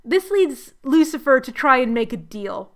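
A young woman recapping a book with comedy, sarcastic, animated and self-mocking. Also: sits high, normal speed. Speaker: book reviewer.

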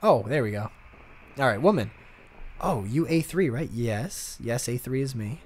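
A man's voice: mid-range voice, animated, unhurried, a little mellow, a little hiss or hum. A man casually commenting while playing a video game, chatting to himself about what happens on screen. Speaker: let's play host.

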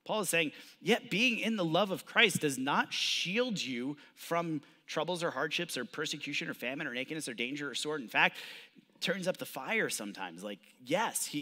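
A man's voice: on the high side, sharp tone, big-room sound. A man preaching a sermon as pastor, conversational and casual, building up with emphatic repetition. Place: church sanctuary.

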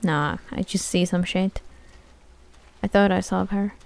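A woman's voice: mid-range voice, measured pace, creaky, darkish tone. A young woman commenting casually on her gameplay, chatty, playful and swearing. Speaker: gameplay streamer. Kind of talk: casual let's-play commentary.

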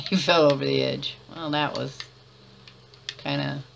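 A woman's voice: rumbling low, steady tone, unhurried, gravelly, noisy background. A woman giving chatty let's-play commentary, laughing often and muttering to herself as she plays. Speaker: gamer.

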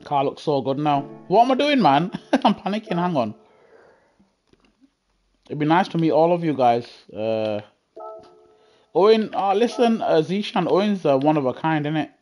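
A man chatting casually on a gaming live stream through a headset, effusive and excitable as he gushes at his viewers. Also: fairly high pitch, unhurried, long pauses, faint music behind. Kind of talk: casual live-stream chat while racing.

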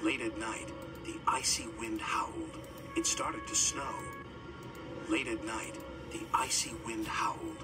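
Calm male storybook narrator, far off. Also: medium pitch, measured pace. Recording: distant voice under loud music.

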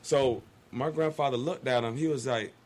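On a radio show, a male guest tells a long story in casual conversation, getting animated and acting out the people he quotes. His voice is mid-range and his pace moderate.

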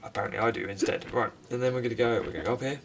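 A man giving sarcastic, self-mocking commentary over a game he plays, breaking into quick outbursts at it. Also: mid-range voice, animated, far from the mic, noisy background. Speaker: gaming commentator. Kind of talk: let's play commentary.

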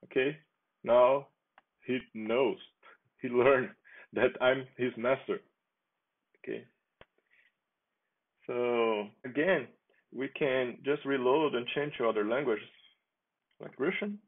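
Man, software demo, casual, gravelly, husky, phone-like sound. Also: mid-range voice. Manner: unhurried, halting, chuckles while he talks. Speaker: software developer presenting his project. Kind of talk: casual screen-share demo. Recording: tinny phone-like lo-fi audio.

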